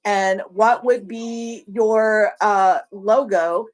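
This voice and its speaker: Slow-talking Southern woman. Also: mid-range voice, fairly even intonation. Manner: rambling, repeats words and restarts. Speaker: livestream seller coaching other sellers. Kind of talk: casual livestream chat.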